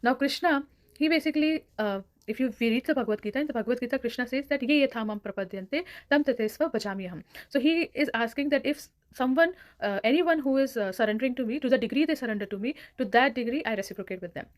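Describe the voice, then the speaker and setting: A woman's voice: fairly high pitch, fast. A woman hosting her own devotional channel, earnestly retelling scripture stories with quoted dialogue. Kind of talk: devotional storytelling talk.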